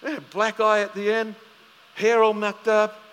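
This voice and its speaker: A man's voice: high-pitched, completely flat delivery, measured pace, a bit bright, smooth, long reverb tail. A man preaching a sermon as pastor, telling stories animatedly and acting out both sides of a conversation.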